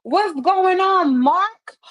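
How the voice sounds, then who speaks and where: A woman's voice: very high-pitched, animated, very slow. A woman on a live stream answering viewer comments with upbeat encouragement, often repeating phrases for emphasis, speaking into a wireless earpiece. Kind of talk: motivational live-stream chat.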